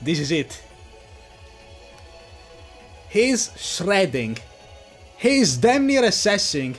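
A man streaming live reaction commentary, excitable, swinging from hype shouts to low mutters. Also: drawn-out words, long pauses, soft background music.

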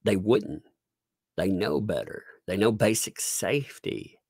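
A man's voice: lowish voice, expressive, unhurried, vocal fry, darkish tone, husky, dry recording, clean studio sound. A middle-aged man giving sarcastic live-stream commentary while reading court documents, with chuckling asides and frequent restarts.

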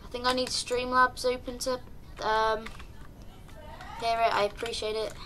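Bright-voiced woman streaming a game. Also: fairly high pitch, a little slow, a little hiss or hum. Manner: chatty, sudden excited yelps, talks to teammates. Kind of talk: live gameplay commentary.

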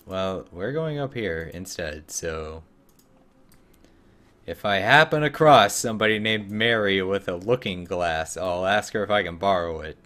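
A man's voice: low-pitched, unhurried, fairly bright tone. A man streaming a video game, making casual, sarcastic commentary with joking asides. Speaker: gaming streamer.

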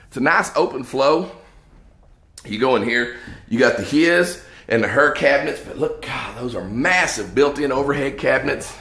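A man giving an excited, salesy walkthrough tour of a house, exclaiming over its features as he moves from room to room. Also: mid-range voice, moderate pace, creaky. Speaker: home salesman. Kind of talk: enthusiastic home walkthrough tour. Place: inside an empty house, room to room. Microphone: handheld 360 camera. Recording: echoey empty rooms, faint noise.

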